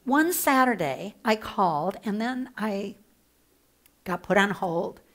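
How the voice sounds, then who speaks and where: A woman leading an advocacy training workshop, talking with playful humor and mock excitement through a headset mic. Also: mid-range voice, takes it slowly. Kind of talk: workshop presentation. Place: training room.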